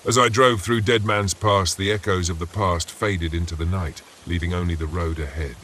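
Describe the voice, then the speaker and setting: A man narrating a first-person scary story in a steady, measured way. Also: deep voice, a little hiss or hum.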